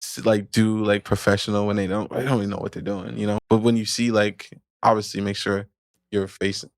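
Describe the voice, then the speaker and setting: A man's voice: lowish voice, little pitch movement, vocal fry, no echo, clean studio sound. A man as a podcast guest, chatting casually and giving advice in a rambling way with lots of fillers. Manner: quick, rambling, many fillers and restarts. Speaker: podcast guest, video marketer.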